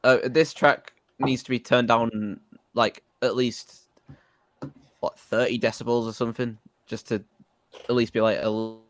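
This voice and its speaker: A man as guest co-host on a music reaction stream, measured and technical in casual chat. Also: mid-range voice, flat delivery, no room sound.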